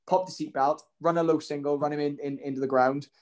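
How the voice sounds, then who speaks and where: A man's voice: fairly high pitch, steady tone, fast talker, darkish tone. A man, telling a story casually as an interview guest, rambling with many ums and restarts. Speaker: guest, professional fighter.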